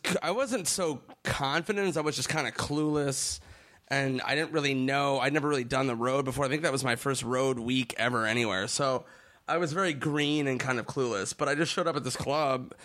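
A man's voice: medium pitch, fairly bright tone. A stand-up comedian chatting casually about his early days, loose, swearing and self-deprecating. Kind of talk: casual chat.

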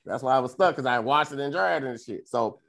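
A young man telling a long story on a podcast, profane and animated, jumping into loud high voices when he quotes people. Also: fast, creaky, a little hiss or hum. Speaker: podcast co-host. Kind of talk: casual storytelling chat.

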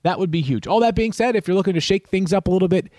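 A man's voice: sits high, rapid-fire, dry recording, clean studio sound. A man hosting a sports podcast, breaking down fantasy football picks in casual, detailed talk. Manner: animated, detailed stat talk.

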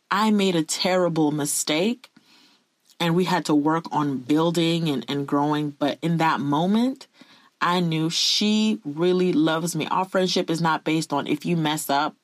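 A woman's voice: sits low, no room sound. A woman telling a personal story to her viewers in an earnest, confessional way. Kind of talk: candid personal storytelling to camera.

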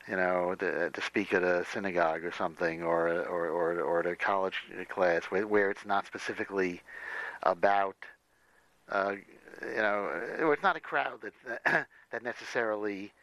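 A man's voice: deep voice, fairly even intonation, moderate pace, fairly bright tone, dry recording, rough recording. A man in a casual conversation, talking through comics history in a rambling way with many restarts.

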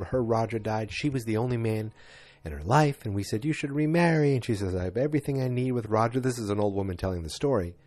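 A man's voice: fairly low pitch, a little mellow. A man recapping a TV episode in casual chat, rambling with lots of fillers and voicing the characters, close on a dry mic. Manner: rambling, with many fillers and quoted voices. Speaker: show recapper.

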